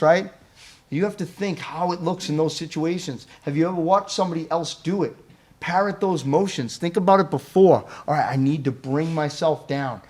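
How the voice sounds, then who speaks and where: A man giving a live training talk on crisis intervention, asking the audience questions and tagging his points with "right?". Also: high voice.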